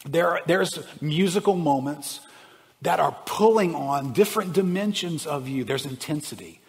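Male pastor, animated sermon delivery, fairly high voice, reverberant sanctuary. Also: a little slow. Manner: animated, swings between loud bursts and hushed asides.

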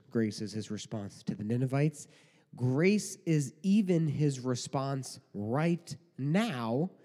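A man's voice: medium pitch, warm tone. A man preaching a sermon in a conversational way, full of rhetorical questions and mock quotes. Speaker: pastor. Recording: long hall reverb.

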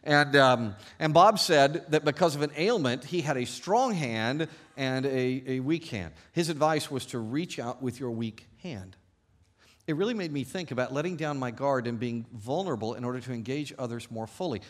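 A man preaching a sermon as pastor, emphatic and animated, asking rhetorical questions and reading scripture aloud with slow emphasis. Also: mid-range voice.

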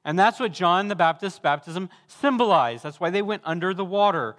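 A man's voice: high voice, lively intonation, normal speed, a bit bright, long reverb tail. A man preaching a sermon as pastor, building fervently to emphatic repeated calls.

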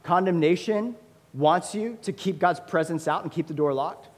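Animated male pastor in echoing hall. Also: a little high, normal speed. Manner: animated, conversational, many fillers. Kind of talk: sermon. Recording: long hall reverb.

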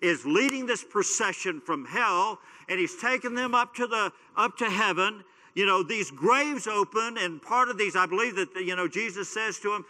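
A man's voice: sits high, lively intonation, normal speed, few pauses, bright, forceful tone. A man preaching as a pastor, teaching in a loose, conversational way with stories and frequent fillers. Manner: conversational, storytelling, many fillers. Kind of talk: casual sermon teaching. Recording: long hall reverb.

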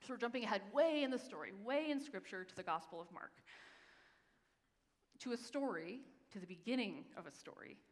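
A woman pastor giving a sermon, telling a story with emphasis and slowing down for the scripture readings. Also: medium pitch, animated. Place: church sanctuary. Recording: long reverb of a large hall.

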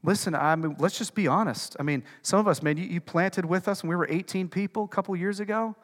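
A man's voice: high voice, fast talker, in a large hall. A male pastor preaching a sermon in a conversational way, putting questions to the congregation and repeating words. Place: church hall.

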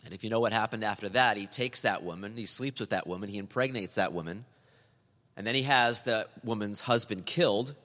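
Male pastor, low voice, earnest sermon with emphatic repetitions, recorded in a reverberant church hall. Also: a little fast, fairly bright tone. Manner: earnest, building to emphatic repeated appeals.

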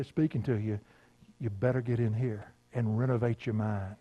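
An older man, preaching a sermon in a folksy storytelling way, laughing often and dropping to a hush. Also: mid-range voice, steady tone, normal speed, no echo. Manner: folksy storytelling, laughing, swings from loud to hushed. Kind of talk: sermon with personal stories.

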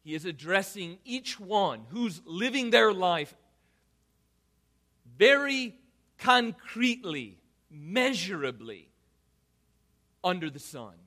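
A man delivering a sermon in a high, bright, forceful voice. He swings between ringing emphasis and hushed, dropped-off endings. He stacks his points in rhythmic repeated phrases. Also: big pitch swings, slow, long pauses. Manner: dynamic, swinging from loud emphasis to quiet, low asides; rhetorical, builds lists of repeated phrases. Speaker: pastor.

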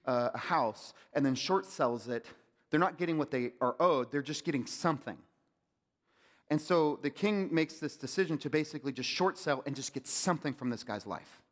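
A male pastor preaching a sermon, swinging from loud urging to hushed near-whispers. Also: on the high side, long reverb tail.

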